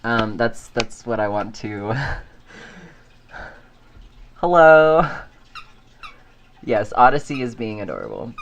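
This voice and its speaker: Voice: mid-range voice, lively intonation, normal speed, gravelly, hardly any pauses, fairly bright tone. A podcast host chatting casually on their own, rambling and laughing often. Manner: frequent fillers and restarts. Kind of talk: casual solo chat.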